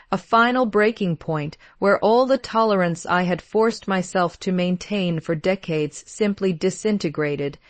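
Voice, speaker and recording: Calm woman narrating a story, dry sound. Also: mid-range voice, dry recording. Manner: calm, measured, steady. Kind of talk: first-person story narration.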